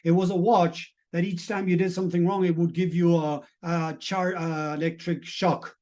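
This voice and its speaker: Earnest high-voiced middle-aged man coaching. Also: flat delivery, normal speed, a little mellow. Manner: earnest and emphatic, with repeated rhetorical questions. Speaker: mindset coach. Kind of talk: live-streamed motivational talk to a chat audience.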